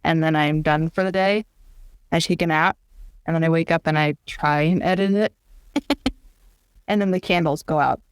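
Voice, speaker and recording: Animated woman guest, dry close sound. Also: low voice, normal speed, long pauses, smooth, no room sound. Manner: animated, acts out quotes in funny voices. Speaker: author, podcast guest. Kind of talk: casual interview chat.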